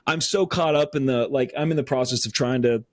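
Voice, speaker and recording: A man's voice: mid-range voice, brisk, no room sound. A man co-hosting a casual podcast chat, talking earnestly and rambling with many fillers, getting choked up. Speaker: podcast co-host.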